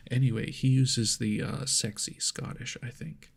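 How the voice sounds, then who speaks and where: A man hosting a whispered ASMR chat into an ears mic, soft and rambling, laughing at himself. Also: mid-range voice, level tone, moderate pace, gravelly, few pauses, breathy edge. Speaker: ASMR channel host. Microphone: homemade binaural ears mic.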